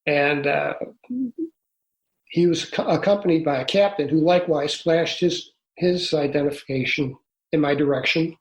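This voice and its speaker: An older man in his sixties tells his story as an interview guest. He speaks earnestly and haltingly and often restarts, in a slightly raised voice. A roomy echo surrounds him. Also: on the high side. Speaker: guest, author.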